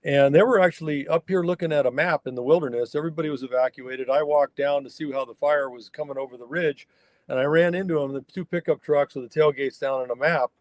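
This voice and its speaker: A man's voice: a little high, fast, dry recording. A man, a wild horse researcher from the northern California mountains, telling a story as a guest on a remote interview and acting out the people he quotes.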